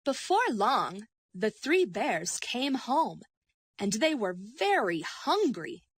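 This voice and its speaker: A woman narrating a children's story slowly and expressively. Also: on the high side, slightly rough. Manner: slow and expressive.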